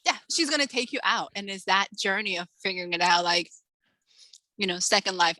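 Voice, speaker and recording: A woman in her forties, an author, chatting in an interview and acting out quotes from her stories with lively energy. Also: mid-range voice, brisk, no echo, low-quality recording. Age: 40s. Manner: animated storyteller acting out quotes. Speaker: author, guest. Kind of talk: casual interview chat.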